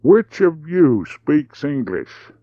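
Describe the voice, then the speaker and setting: A calm young Australian truck driver, as a man reads him aloud in an audiobook, speaks in an unhurried, deliberate drawl with long gaps between words. The voice rises and falls freely. The recording is dry and slightly muffled. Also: lowish voice, no room sound, pitched above the performer's own voice. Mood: puzzled.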